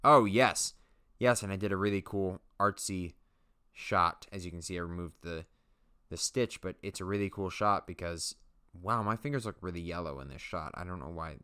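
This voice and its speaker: Narrating his own leatherworking footage, a channel host rambles casually and makes jokey, self-mocking asides. His deep voice is smooth with a sharp tone, at a moderate pace.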